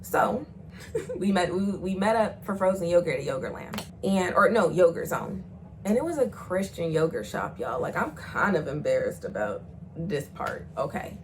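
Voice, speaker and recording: Animated young woman telling a storytime. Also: lowish voice, normal speed, a little hiss or hum, low-quality recording. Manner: animated, acts out the voices of people she quotes; swears freely, slangy and chatty. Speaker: vlogger. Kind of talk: casual storytime vlog.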